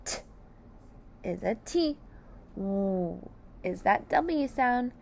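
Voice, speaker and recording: Slow, careful woman teaching phonics. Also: medium pitch, lively intonation, vocal fry, darkish tone, slight background noise. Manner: slow and over-enunciated, sounding out syllables. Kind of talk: slow, deliberate phonics lesson for children.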